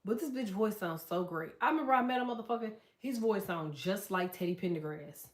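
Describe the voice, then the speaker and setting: A woman hosting a casual livestream, telling stories in a loud, profane, animated way and reading out chat comments. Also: mid-range voice, fairly quick, roomy sound. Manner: profane, animated storytelling with quoted voices.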